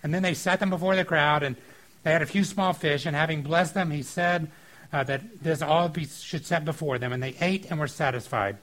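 A man preaching a casual sermon on a scripture passage, informal and animated, breaking into acted-out quotes. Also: fairly high pitch, normal speed, rough recording. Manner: informal and animated, acting out quotes with filler likes.

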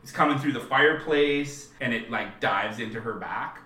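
A man co-hosting a podcast, recapping a horror film in casual chat, animated and quick to laugh. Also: mid-range voice, recorded from a distance. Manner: animated, laughs often, acts out quotes. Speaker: podcast co-host. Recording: roomy echo, slightly off-mic.

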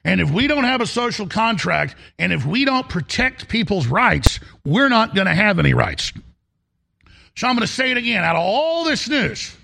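Man, talk host, bright, edgy tone, husky rasp, emphatic rambling rant. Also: high voice, very animated, normal speed. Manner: emphatic, rambling, repeats phrases. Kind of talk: ranting monologue.

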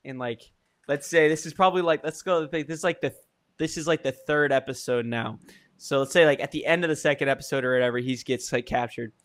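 A man's voice: mid-range voice, brisk, a bit bright. A young man chatting casually, telling an idea as a story and acting out scenes with sound effects. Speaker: co-host. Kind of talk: casual brainstorming chat.

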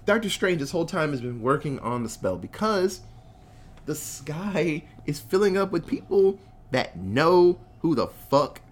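A podcast co-host giving an excitable, profane, casual movie recap. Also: medium pitch, unhurried. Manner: excitable, profane, laughing often.

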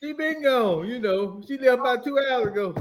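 A man's voice: animated, normal speed. A man, a barber, swapping shop stories in a casual group chat, laughing and often dropping into a murmur. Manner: laughing, drops to a low murmur. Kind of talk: casual storytelling.

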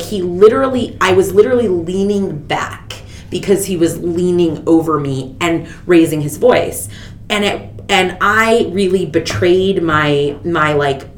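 A woman in her thirties hosting a podcast, telling a story in casual chat and acting out the people she quotes. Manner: animated, quotes people with big pitch jumps. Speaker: podcast host. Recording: echoey room with faint rumble.

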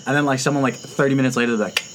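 A man's voice: mid-range voice, rapid-fire, a crowd in the background. A man hosting a casual chat, joking and telling his own short take. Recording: faint background noise.

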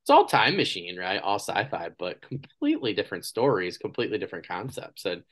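A man's voice: on the low side, fairly quick. A man in his thirties hosting an interview podcast, chatting casually and acting out the people in his stories. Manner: animated storyteller, acts out quoted people. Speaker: podcast host.

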